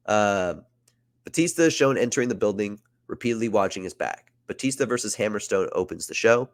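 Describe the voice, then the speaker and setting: A man's voice: on the low side, lively intonation, brisk, no room sound, studio quality. A man hosting a podcast, casually narrating wrestling storylines he booked. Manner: casual, chatty with fillers. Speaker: podcast host.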